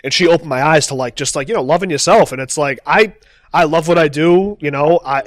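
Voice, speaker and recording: A man's voice: on the high side, brisk, dry recording. A young man with a Boston accent, a podcast guest chatting casually, loose and profane. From East Boston. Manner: loose and profane, fillers like bro. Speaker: podcast guest, content creator. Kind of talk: casual chat.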